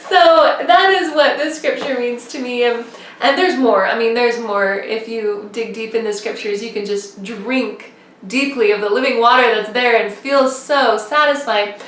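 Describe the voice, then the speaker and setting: A woman's voice: fairly high pitch, measured pace, a bit bright, a little hiss or hum. A young woman vlogging to camera in a rambling, chatty way with many fillers. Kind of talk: casual chat to camera. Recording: echoey room, mic at a distance.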